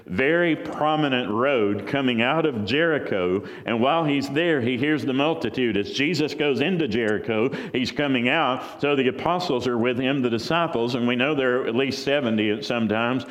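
Man, preacher, sermon, conversational storytelling, mid pitch, long reverb. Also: moderate pace, hardly any pauses. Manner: storytelling, acts out crowd voices.

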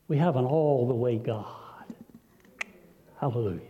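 A male preacher delivering a sermon, telling a story with dramatic swings between loud, high passages and hushed, low ones. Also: slow, pauses often. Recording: dull, lo-fi recording with long hall reverb.

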